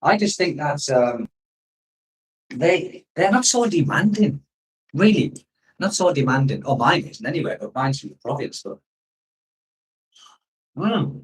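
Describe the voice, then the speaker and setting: With a fairly high, sing-song voice, this expat streamer speaks at a measured pace and pauses often, rambling through stories and reading out viewer comments as he goes. The rough recording was made from a distance, and the whole chat feels casual and unscripted.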